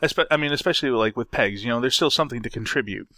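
A man's voice: medium pitch, rapid-fire, sharp tone, dry recording. A man co-hosting a casual podcast, rambling and swearing offhandedly as he jokes. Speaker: podcast co-host.

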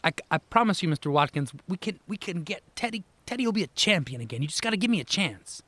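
A man's voice: high-pitched, expressive, quick pace, bright, forceful tone. A man performing in an improv comedy scene, giving a frantic, pleading pep talk.

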